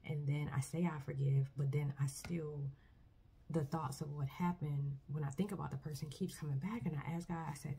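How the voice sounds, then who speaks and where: A woman talking casually to camera about her faith. She speaks earnestly and haltingly, starting sentences over often. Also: low-pitched, fairly even intonation, vocal fry, slight background noise. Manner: earnest, halting, soft-spoken with many restarts. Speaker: vlogger. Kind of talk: personal faith testimony, casual talk.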